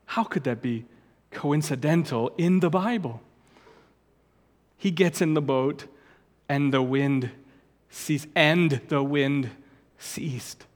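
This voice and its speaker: A man's voice: fairly high pitch, slow pace, long pauses, darkish tone, in a large hall. A man preaching a sermon, emphatic and earnest, repeating words as he presses his points and rising to sudden outbursts. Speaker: pastor.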